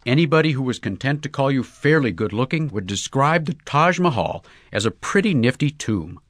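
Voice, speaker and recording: A man voicing an earnest, excitable young golfer in love, raising his voice a little for him. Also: medium pitch, moderate pace, no room sound, studio quality, voice pushed up, natural voice. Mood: eager.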